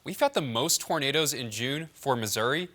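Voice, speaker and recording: A man presenting the weather on a morning TV show in a studio, energetic and stressing his figures. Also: medium pitch, normal speed. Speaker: meteorologist. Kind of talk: TV weather chat.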